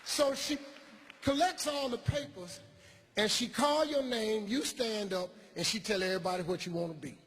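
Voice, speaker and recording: A man doing stand-up comedy, telling a childhood story in a profane, animated way and acting out the people in it. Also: high-pitched, normal speed, in a large hall. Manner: profane, animated, acts out characters.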